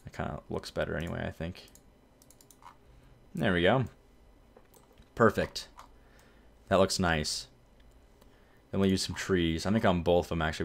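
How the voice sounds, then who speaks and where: This man's voice is low-pitched and gravelly, at a normal speed with long pauses. Hosting a gameplay video, he gives casual let's-play commentary on a city-building game, relaxed and rambling, correcting himself as he goes.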